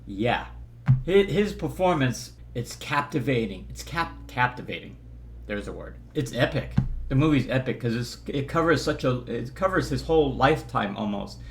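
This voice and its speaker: A man's voice: medium pitch, animated, normal speed. A man chats through a movie review in a loose, rambling way. He trips over his words, restarts, and cracks jokes as he goes, with a faint hum of room noise behind him. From Southern California. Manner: rambling, stumbling, jokey, slips into impressions. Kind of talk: casual vlog review. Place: hotel room.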